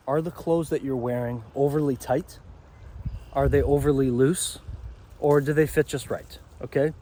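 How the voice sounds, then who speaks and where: A man's voice: fairly high pitch, warm tone. A man giving a rambling vlog monologue outdoors by a pond, often checking in with "okay?". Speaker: self-help vlogger.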